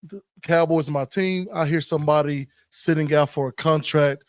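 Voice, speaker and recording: A man with an American accent hosting a podcast, asking animated, folksy questions in casual conversation. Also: fairly high pitch, moderate pace, clear, resonant tone, no room sound, clean studio sound. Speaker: podcast host. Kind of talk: casual interview chat.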